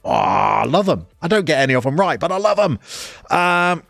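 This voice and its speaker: A man of about forty-two with a West Midlands accent, reading out chat comments on a live stream and teasing viewers. His pitch swings up and down as he talks, and the sound is close and dry, with faint music underneath. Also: sing-song, moderate pace, gravelly, a bit bright, dry recording. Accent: West Midlands English. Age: 40s. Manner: jokey, teasing banter with viewers.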